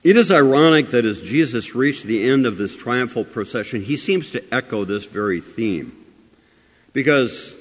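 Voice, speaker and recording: A man preaching a sermon with many rhetorical questions, moving between loud emphasis and quiet asides. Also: mid-range voice. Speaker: pastor. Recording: long hall reverb.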